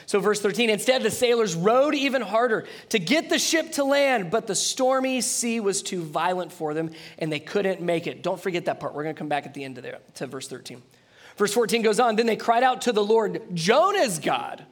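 A high-pitched man delivers a lively sermon from the pulpit. He reads scripture aloud and breaks off to comment, swinging from loud, forceful emphasis to soft, earnest closing appeals. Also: normal speed. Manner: animated, acts out dialogue, swings between loud emphasis and quiet intensity. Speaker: preacher.

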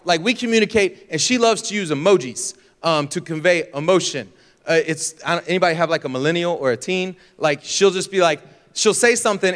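A young pastor gives a casual, jokey sermon in a church auditorium, acting out voices and sound effects along the way. His voice sits high and sounds a bit bright, and the hall adds noticeable reverb.

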